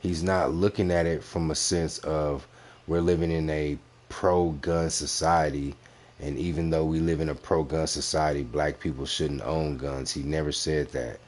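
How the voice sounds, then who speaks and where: A man with an extremely deep voice delivers profane reaction commentary on a clip. He is blunt and mocking and hammers each point home by repeating it. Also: steady tone, moderate pace, darkish tone. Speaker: commentary host reviewing clips.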